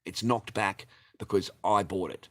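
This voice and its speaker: In a low, unhurried voice, a middle-aged man vents on camera to his viewers. The vlogger's long rant is angry and full of swearing; he keeps circling back to the same complaints and calling on his audience.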